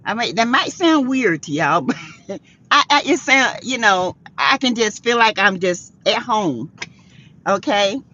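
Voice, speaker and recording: Her voice sits in the mid-range, expressive and pushed with a bright edge, at an unhurried pace. She's a livestream host from South Carolina running a casual chat, weary but laughing often and calling out viewers by name, all captured in dull lo-fi audio.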